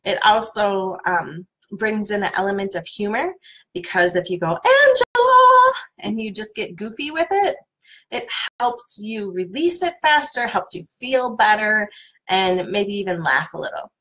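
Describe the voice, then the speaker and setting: A middle-aged woman coach leading a guided tapping workshop in a calm, soothing manner. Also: mid-range voice, moderate pace, low-quality recording. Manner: calm, soothing guidance with playful repeated names.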